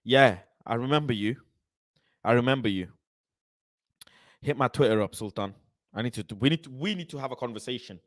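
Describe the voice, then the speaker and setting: A man's voice: medium pitch, brisk, pauses often, no echo, studio quality. A young man hosting a football fan live stream, reading out viewers' comments in slangy, repetitive, swearing-laced chat. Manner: animated, swears freely, repeats phrases, London slang. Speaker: fan channel host.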